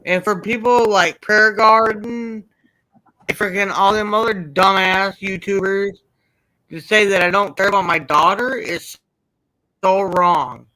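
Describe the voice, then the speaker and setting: A man in an emotional interview, speaking in halting, repeated phrases as he holds back tears. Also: high-pitched, fairly even intonation, sharp tone, dry recording, low-quality recording. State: near tears.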